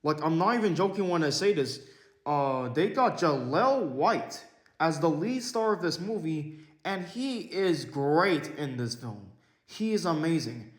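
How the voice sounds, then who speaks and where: A man's voice: on the high side, lively intonation, a little slow. A man casually reviewing a movie, rambling with lots of fillers, correcting himself, and swearing now and then. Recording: echoey room.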